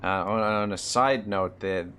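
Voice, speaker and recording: A man's voice: fairly low pitch, unhurried, a bit bright, a little hiss or hum. A man with an East Coast Canadian accent giving live commentary on a game he is playing, thinking aloud about his moves and swearing when annoyed. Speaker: gaming live streamer.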